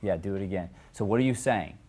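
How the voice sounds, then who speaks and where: A man coaching actors in an acting studio, giving quick direct notes between takes. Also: low voice, mellow, husky. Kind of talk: live coaching in an acting class.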